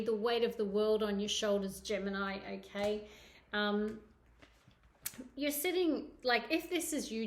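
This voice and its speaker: A woman's voice: medium pitch, slight background noise. A woman with a Scottish accent giving a monthly tarot reading to camera, effusive and emotional, often checking in with "okay?". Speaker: tarot reader. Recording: roomy echo.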